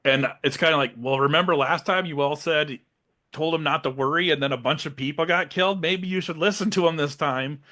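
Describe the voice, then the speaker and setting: Bright, animated male podcast host. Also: fairly high pitch. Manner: animated retelling, slips into quick silly voices. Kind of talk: casual movie chat.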